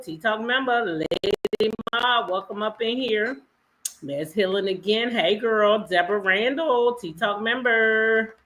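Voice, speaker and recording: A woman's voice: a little high, pushed and bright. A woman hosting a casual livestream, sassy and greeting viewers by name. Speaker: livestream host. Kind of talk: casual live chat.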